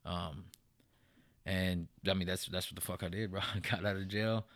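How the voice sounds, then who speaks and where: A man's voice: low-pitched, fairly even intonation, moderate pace, a bit bright, no room sound. A man in a casual interview, telling his own story in a profane, rambling way, full of "man" and "bro".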